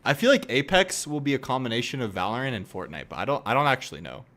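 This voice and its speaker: Animated young male streamer. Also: medium pitch, quick pace. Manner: animated, laughing, swearing, mocking impressions. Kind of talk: casual stream commentary.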